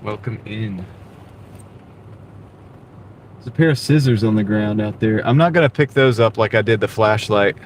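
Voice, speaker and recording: A man's voice: fairly low pitch, a little fast. A man livestreaming while driving for food deliveries, chatting in a rambling way and answering viewer comments. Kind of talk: casual live-stream chat while driving. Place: inside a car driving in the rain. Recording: steady road and car noise behind. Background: car and road noise.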